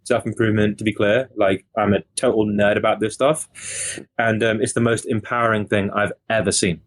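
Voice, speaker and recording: Husky, earnest motivational man. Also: on the low side, level tone, brisk. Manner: earnest, motivational, repeats words. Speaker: self-improvement guest. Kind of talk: casual podcast talk.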